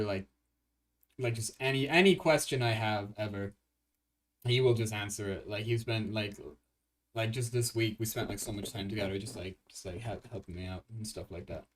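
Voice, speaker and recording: A young man hosting a casual livestream as a game composer, rambling and excitable, swearing often and restarting his sentences. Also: lowish voice, brisk, distant mic.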